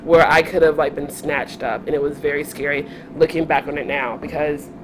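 A young woman telling stories in a casual chat, animated, often laughing and acting out the voices of the people she quotes. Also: low-pitched, brisk. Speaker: podcast guest. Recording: faint background noise.

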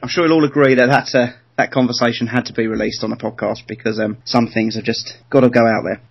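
A man's voice: mid-range voice, fairly even intonation, fast, creaky, husky, dull audio. A man hosting a podcast, teasing the others and steering the chat. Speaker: podcast host.

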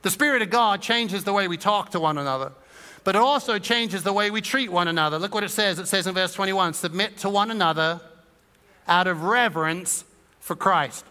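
Bright-voiced pastor in a reverberant church. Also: male voice, high-pitched, a little fast. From England. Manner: conversational and humorous, acting out little voices of listeners. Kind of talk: sermon. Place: church auditorium.

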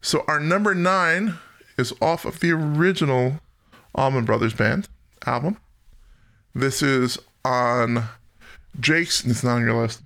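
A man hosts a casual music podcast with a gravelly, bright voice. He runs the song countdown and cracks jokes at his own expense. His pitch sits in an ordinary middle range. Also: a little slow, long pauses. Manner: jokey, self-deprecating, runs the countdown. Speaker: podcast host. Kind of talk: casual music-talk chat.

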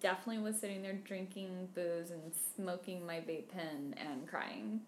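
A woman's voice: lowish voice, steady tone, moderate pace, roomy sound, slight background noise. A woman hosting a podcast in casual chat, gushing and acting out the people she quotes. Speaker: podcast host.

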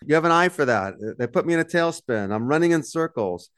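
A man co-hosting a casual podcast chat, telling stories and acting out quotes in an animated way. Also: a little high, fairly quick, clean tone. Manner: animated storyteller, acts out quotes. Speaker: podcast co-host.

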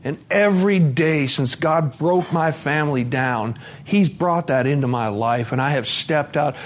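A man's voice: fairly high pitch, a little slow. A man, sharing a raw, profane, confessional recovery story at a conference. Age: 40s. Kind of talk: emotional personal testimony. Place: conference room.

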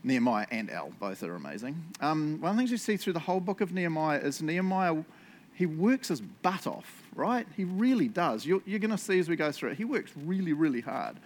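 Chatty New pastor, self-deprecating. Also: male voice, fairly high pitch, very animated, a little fast. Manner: chatty, self-deprecating, tags lines with "eh?" and "right?". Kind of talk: casual conversational sermon and prayer. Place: church.

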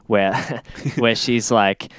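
A young man co-hosting a podcast, chatting casually about a film, animated and sweary, laughing often. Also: medium pitch, drawn-out words, smooth, no echo. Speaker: podcast co-host. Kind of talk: casual film review chat.

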